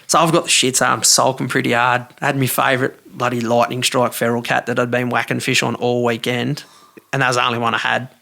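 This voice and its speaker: An Australian man telling a fishing yarn as a podcast guest, lively and full of broad slang. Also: mid-range voice, fast talker, creaky. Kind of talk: casual storytelling.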